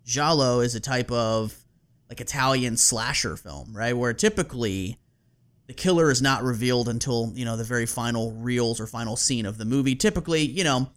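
On his podcast, a man relates a story in relaxed conversation, animated and laughing, with plenty of fillers and casual swearing. His mid-range voice moves at normal speed.

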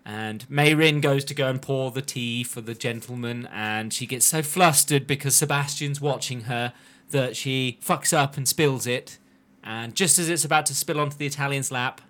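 A man recapping an episode in a casual podcast chat, telling it as an animated story and slipping into quick character voices. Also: medium pitch. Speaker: podcast host recapping an anime.

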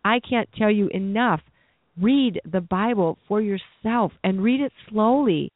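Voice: medium pitch, a little slow, no echo. Earnest preacher on a tinny line. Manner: earnest, repeats and restarts phrases. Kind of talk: sermon. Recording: tinny phone-like dry recording.

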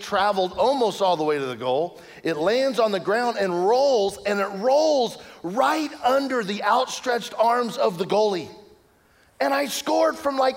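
A man delivers a sermon as pastor, his voice sitting a little high for a man. He tells stories with energy, rising to loud peaks and sinking to hushed, almost whispered words. The sound rings with the long reverb of a large hall. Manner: animated storytelling, swings from shouts to hushed near-whispers.

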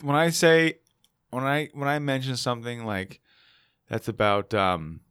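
A man's voice: mid-range voice, steady tone, measured pace, a bit bright, clean tone, no room sound, clean studio sound. A man in casual podcast chat, joking around and swearing, slipping into put-on voices. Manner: jokey, puts on voices for bits, swears.

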